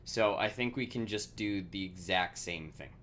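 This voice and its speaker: A man's voice: fairly low pitch, moderate pace, fairly bright tone, a little hiss or hum. A man thinking aloud as he codes on a live stream, full of fillers and self-corrections, swearing casually and laughing at himself.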